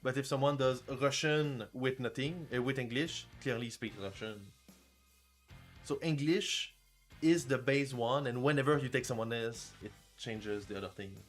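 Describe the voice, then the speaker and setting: A man talks over a livestream about the game he is making, rambling and joking with crude asides. His voice sits at an ordinary pitch, and faint music plays behind him. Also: normal speed. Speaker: indie game developer streaming. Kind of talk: casual livestream chat.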